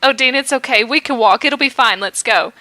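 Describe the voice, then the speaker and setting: A patient male dog , as a woman reads him, comforts his brother and tacks barks onto his lines. The voice runs a bit high and bright, with a dry, close sound. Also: a little fast, no echo. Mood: reassuring. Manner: patient, reassuring, adds barks. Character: weary, caring male dog, the older brother.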